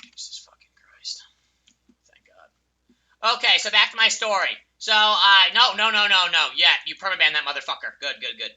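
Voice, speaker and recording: Profane, furious young male gamer, piercingly bright. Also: high voice, a little fast, few pauses. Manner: furious, profane, yelling insults at other players. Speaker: game streamer. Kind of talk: ranting gameplay commentary and personal storytelling.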